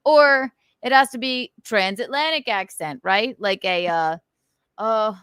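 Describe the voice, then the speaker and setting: A woman's voice: a little high, a little slow, fairly bright tone, smooth, no room sound, clean studio sound. A woman co-hosting a podcast in casual chat, playful and teasing. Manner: playful, teasing, drawls mock accents. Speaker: podcast co-host.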